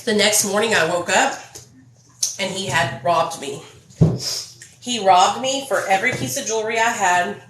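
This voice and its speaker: A woman's voice: medium pitch, moderate pace, long pauses, echoey room, background noise. A woman telling her own story to viewers in a casual, blunt, profane vlog. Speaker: vlogger.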